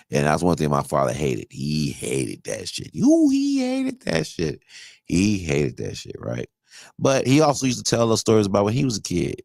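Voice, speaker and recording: With an extremely low pitch and heavy vocal fry, this podcast host, a man in his thirties, recounts a loose, profane story. The chat is casual, full of laughter, and recorded without echo.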